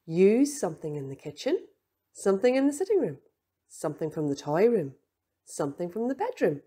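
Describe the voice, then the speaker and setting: A woman's voice: mid-range voice, big pitch swings, brisk, dark tone, slightly rough. A woman teacher leading a playful children's rhythm lesson, chanting the beats.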